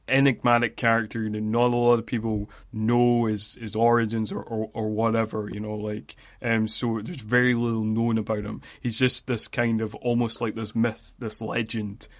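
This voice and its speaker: A man's voice: mid-range voice, no echo. Guy rambling on a movie podcast, lots of ums, dry dull audio. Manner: rambling with many fillers and laughs. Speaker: podcast co-host. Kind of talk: casual podcast chat about a film.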